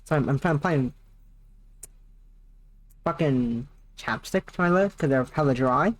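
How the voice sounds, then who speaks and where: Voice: medium pitch, unhurried. A streamer chatting casually while playing, rambling and self-mocking with plenty of swearing, seated at a laptop at home.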